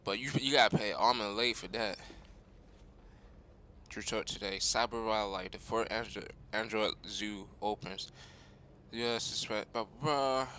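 Young guy playing a game and rambling at his viewers, bit low and gravelly, faint hiss behind. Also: bright, forceful tone. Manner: rambling, slangy, talks to viewers. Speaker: gaming streamer. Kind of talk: casual game commentary.

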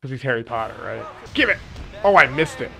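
A man's voice: medium pitch, lively intonation, quick pace, vocal fry, sharp tone. A young man giving casual, joking commentary as he plays a video game, chatty and self-mocking. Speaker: gaming channel host. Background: game music.

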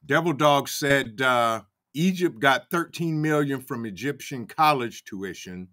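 A man's voice: medium pitch, lively intonation, measured pace, pushed and bright. A man hosting a casual livestream, fired up and greeting chat viewers by name. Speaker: livestream host. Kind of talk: casual live-chat commentary.

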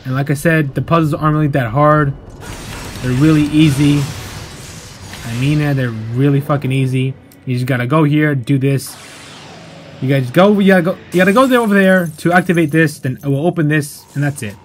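A man's voice: fairly high pitch, brisk, slight background noise. A young man casually commentating his gameplay, swearing freely and flaring into angry outbursts at the game, then settling back into chatty explaining. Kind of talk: casual let's-play commentary. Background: game music.

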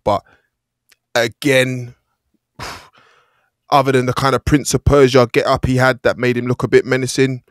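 A man's voice: medium pitch, no room sound, studio quality. A man co-hosting a casual movie-review podcast, critical and hesitant, trailing off mid-thought. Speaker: podcast co-host.

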